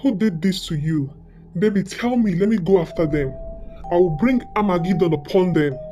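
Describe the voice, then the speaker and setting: A woman voicing a distraught, vengeful husband in a narrated storybook tale, pitching her voice low. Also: normal speed, dark tone, natural voice. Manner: low, pleading then threatening. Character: distraught middle-aged husband, protective, vengeful. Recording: background music.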